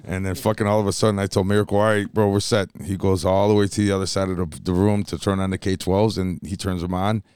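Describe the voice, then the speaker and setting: A man co-hosting a casual podcast, telling stories in an animated, profane way and teasing his co-host. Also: sits low, fast talker, hardly any pauses, clean tone, no echo, clean studio sound. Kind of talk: casual chat.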